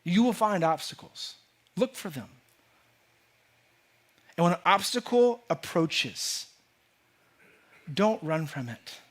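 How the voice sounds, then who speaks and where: A man's voice: high-pitched, sing-song, slow pace, pauses often. A man preaching a sermon to a church congregation, earnest and emphatic, often repeating words and restarting as he builds a point. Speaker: pastor. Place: church sanctuary.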